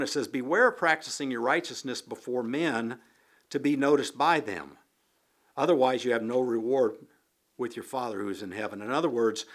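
A man preaching a sermon, reading scripture and explaining it in a deliberate, unhurried way with occasional fillers. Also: mid-range voice. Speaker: pastor.

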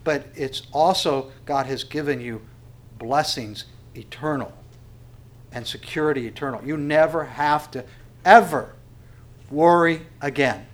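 A man preaching a sermon, reading scripture loudly and dropping low for asides, with rhetorical questions to the listeners. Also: unhurried. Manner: emphatic, swells loud on scripture quotes and drops low for asides.

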